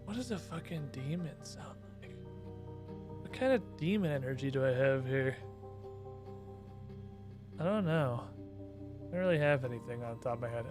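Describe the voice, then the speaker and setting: A man with a mid-range voice and lively intonation speaks at normal speed, leaving long pauses, with music in the background. He streams a video game live, talking to himself with profanity and sarcasm as he plays.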